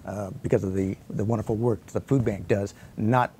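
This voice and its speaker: A man's voice: on the low side, fairly even intonation, normal speed, warm tone, a little hiss or hum. An older man promoting an event in a studio interview, plainly announcing dates and details.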